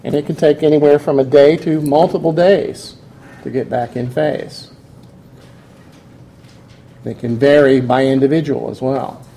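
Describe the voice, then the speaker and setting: A man's voice: medium pitch, fairly even intonation, measured pace, vocal fry, pauses often, warm tone. A man giving a classroom lecture, explaining step by step and putting questions to his students.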